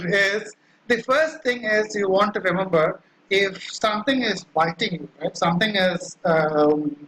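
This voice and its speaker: A man lectures with a high, bright voice, walking listeners through an example at an easy, halting pace. He leans on "uh" and keeps asking "right?" to check that the class follows. His tone is that of a teacher explaining to students. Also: low-quality recording. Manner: explanatory, frequent "right?" check-ins and "uh" fillers; acts out quoted cries.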